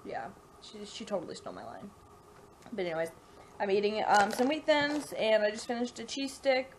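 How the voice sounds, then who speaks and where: A woman's voice: mid-range voice, animated, moderate pace, a little hiss or hum. Rambling Southern woman vlogging at home. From Mississippi, US. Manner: chatty and rambling, full of "like" and "you know". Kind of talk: casual chat to camera. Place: home kitchen, indoors.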